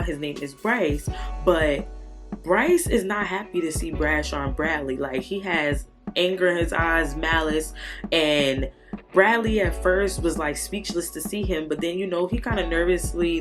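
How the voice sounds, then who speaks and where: Brief: plain-spoken woman, lowish voice, chatty book review over faint guitar. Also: a little slow. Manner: candid, profane, animated retelling. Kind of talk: casual book review chat.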